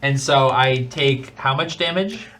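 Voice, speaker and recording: A man playing a tabletop game, declaring his attacks and rolls in an unhurried way. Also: mid-range voice, noisy background. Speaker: player.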